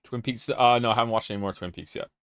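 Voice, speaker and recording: A man's voice: mid-range voice, steady tone, fast talker, fairly bright tone, clean tone, dry recording, clean studio sound. A young man streaming, chatting loosely with his viewers, rambling and reading their messages aloud, sometimes flustered. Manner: rambling, reads chat aloud, gets flustered. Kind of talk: casual chat with viewers.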